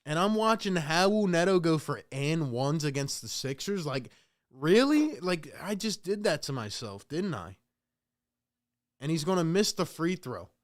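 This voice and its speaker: A man's voice: a little high, lively intonation, unhurried. A man hosting a live play-by-play reaction stream, calling the game casually and venting in exasperation while he talks to his chat.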